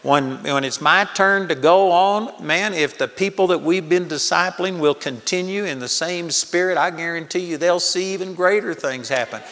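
A man's voice: high-pitched, normal speed, few pauses, a bit bright, long reverb tail. An older man preaching a sermon at a Bible college, telling stories in an earnest manner. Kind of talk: sermon teaching. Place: large hall with audience.

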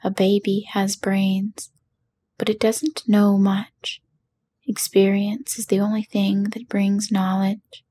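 A woman's voice: medium pitch, flat delivery, slow, warm tone, husky. A woman voicing a humbled little man posing as a wizard, in whispered role-play with a meek, apologetic manner.

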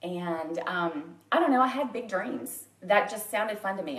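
A woman's voice: on the low side, animated, normal speed, reverberant, recorded from a distance. A woman in her forties from Louisiana, chatting openly and personally in a live video to a private group, often laughing at herself. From Louisiana, USA. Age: 40s. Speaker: makeup artist and direct sales consultant.

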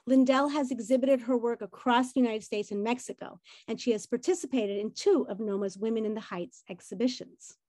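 A woman's voice: a little high, a little mellow, no echo. A woman hosting an online arts event, formally reading an introduction of the guest artist. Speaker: event host. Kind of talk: read-out introduction.

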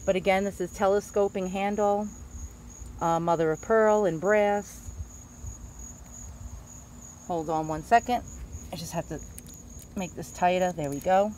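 Woman, Queens New York accent, casual show-and-tell, rambling and self-correcting, lowish voice. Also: fairly even intonation, measured pace, long pauses, a little mellow, slight background noise. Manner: chatty, self-correcting, stumbles over names. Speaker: antique dealer.

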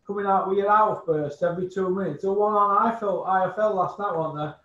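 Bloke ranting about fighters, high pitched, roomy echo, kinda dull lo-fi sound. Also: male voice, brisk, fairly bright tone. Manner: scornful, swearing, repeats insults. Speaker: boxing pundit guest. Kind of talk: blunt opinionated chat.

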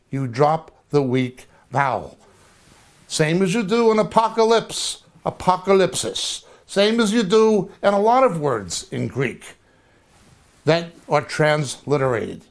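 A male Bible teacher lecturing with a fairly high voice. He speaks slowly and deliberately. He repeats each word to drill it in. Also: big pitch swings. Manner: slow, deliberate, repeats terms to drill them. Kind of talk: teaching lecture on biblical languages.

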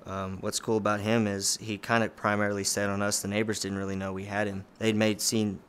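A man's voice: fairly low pitch, flat delivery, brisk, fairly bright tone, slight background noise. A young man, telling a hunting story in a casual, rambling way full of "you know" and "like.". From Oklahoma. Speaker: hunter guest.

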